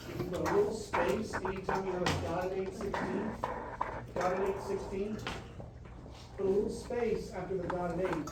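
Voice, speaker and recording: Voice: medium pitch, normal speed. A band director coaching a rehearsal, singing rhythms on syllables and counting the band in. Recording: very echoey room, mic far off, loud noise.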